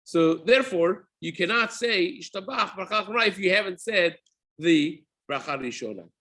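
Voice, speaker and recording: A middle-aged rabbi leads a daily study session, his voice pitched high with a bright, slightly husky tone. He explains patiently, circling back to rephrase points and dropping Hebrew terms into his English. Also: lively intonation, moderate pace. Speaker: rabbi teaching daily halacha. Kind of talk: spoken Torah class.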